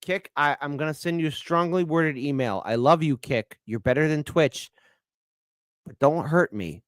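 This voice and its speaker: A man's voice: on the high side, normal speed, no echo. A man hosting a political livestream, talking bluntly and profanely, swinging between ranting and joking. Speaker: livestream host. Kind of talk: casual political livestream talk.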